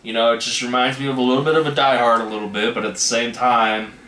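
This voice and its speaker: A man's voice: medium pitch, little pitch movement, quick pace, fairly bright tone. A man hosting a casual trailer reaction, rambling and hedging as he talks. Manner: rambling, hedging with "you know what I mean". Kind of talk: casual chat. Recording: echoey room with faint noise.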